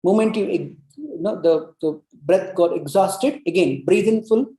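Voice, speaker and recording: Breathwork teacher, soft warm tone, coaxing and repetitive, demonstrates humming; echoey room. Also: mid-range voice, unhurried. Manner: coaxing, repeats cues, many "you know" fillers; demonstrates long humming sounds. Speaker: breathwork instructor. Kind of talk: guided breathing lesson. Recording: roomy echo.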